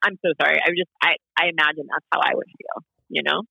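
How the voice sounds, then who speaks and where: A man who is a guest on a podcast and answers in a casual, friendly way. He is quick to laugh and agree. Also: fairly high pitch, steady tone, gravelly, pushed and bright, slightly rough, no room sound, poor audio.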